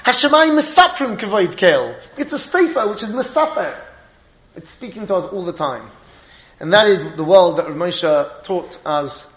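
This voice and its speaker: A man giving a Torah lecture, emphatic and animated, laughing often and mixing in Hebrew and Yiddish terms. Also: sits high, normal speed, echoey room, low-quality recording. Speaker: rabbi giving a shiur.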